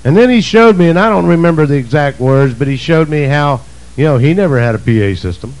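A male preacher delivering a sermon, emphatic and swinging between shouts and low asides. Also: animated, fast talker, poor audio.

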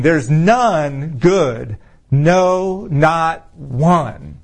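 A man preaching an informal sermon to his fellowship, conversational, full of rhetorical questions, slowing down for emphasis. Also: a little high, animated, darkish tone. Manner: conversational, rhetorical questions, swings between slow emphasis and quick asides.

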